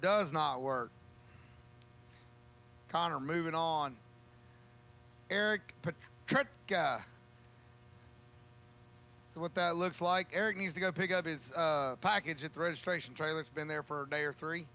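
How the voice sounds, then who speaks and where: High bright-voiced drag race announcer. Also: male voice. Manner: joking, folksy, drawn-out calls. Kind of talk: drag racing commentary.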